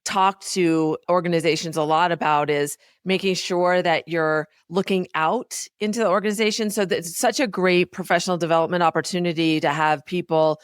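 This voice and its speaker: A woman co-hosting a business podcast, speaking in an animated, encouraging way about workplace development. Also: on the low side, moderate pace, few pauses, clear, resonant tone, no echo, studio quality. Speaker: podcast co-host, workplace consultant. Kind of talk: casual conversational podcast chat.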